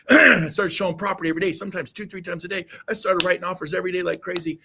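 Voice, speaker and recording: Man, guest coach; preachy, fiery delivery with shouted bursts; voice sits a bit high. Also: very fast, vocal fry, few pauses, a little hiss or hum. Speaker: guest, real estate coach. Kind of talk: motivational talk.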